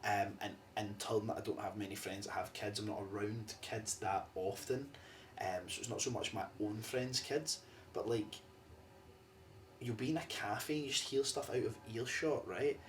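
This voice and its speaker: A young Scottish man hosting a podcast, talking in a rambling, animated way. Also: lowish voice, moderate pace, recorded from a distance, slight background noise. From Scotland. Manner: animated, rambling, mimics voices. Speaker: podcast host. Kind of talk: casual podcast conversation.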